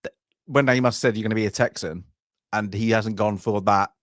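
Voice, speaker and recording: A man's voice: fairly low pitch, steady tone, dry recording. Rambling man, dry sound. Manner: rambling, halting, restarts phrases. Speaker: film podcast co-host. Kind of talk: casual film discussion. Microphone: video call.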